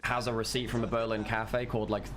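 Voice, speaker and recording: A man's voice: lowish voice, flat delivery, fast, music in the background. A man co-hosting a live esports stream, chatting loosely with restarts and asides to chat.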